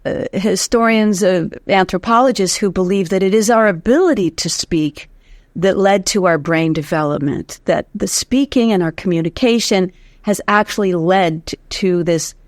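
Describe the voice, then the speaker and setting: A woman's voice: fairly low pitch, unhurried, dry recording. A woman voice teacher explaining breath support and the vocal folds, demonstrating as she goes in an interview. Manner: demonstrative, lively, counts aloud in breath drills.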